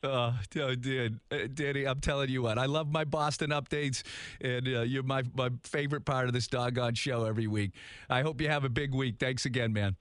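A man in his fifties hosting a radio talk show, chatting casually and in a lively way. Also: mid-range voice, a little fast, smooth, no echo. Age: 50s. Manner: lively, easily cracking up.

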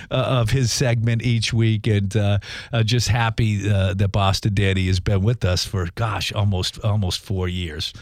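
A man's voice: a little high, no echo. A man hosting a talk show, speaking in a folksy, rambling way with lots of fillers and restarts. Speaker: radio show host. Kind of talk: casual talk show monologue.

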